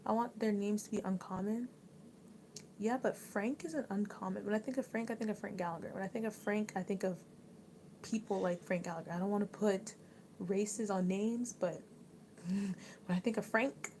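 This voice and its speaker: A young woman rambles through a casual livestream chat, stopping often to read viewer comments aloud. Her voice is mellow and warm, and she talks in loose, restarting sentences full of "like". A faint hiss sits under the home recording. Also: mid-range voice, moderate pace, rough recording. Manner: rambling and chatty, with many likes and restarts. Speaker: livestream host.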